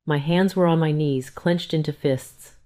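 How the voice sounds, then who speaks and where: A woman narrates a dramatic first-person family story. Her delivery is stern and cold, in a low voice. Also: unhurried, mellow.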